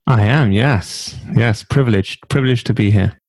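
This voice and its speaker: A man's voice: lowish voice, moderate pace, a little mellow, no echo. A man from England with a London accent, a guest telling his story openly with self-mocking humor in an interview. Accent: London English. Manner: candid, self-deprecating, joking. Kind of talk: interview conversation.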